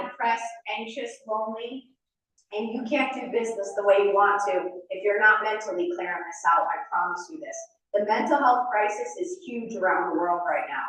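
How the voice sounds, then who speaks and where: A woman who is a mental skills coach, giving an energetic motivational keynote with animated storytelling. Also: a little high. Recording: echoey hall, mic from far off.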